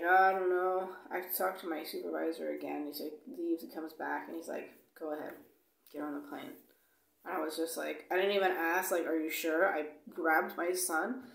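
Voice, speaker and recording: Low gravelly woman in an echoey room. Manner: blunt, swears freely, lots of "like" and "you know"; acts out dialogue when retelling. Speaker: vlogger. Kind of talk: casual travel storytelling.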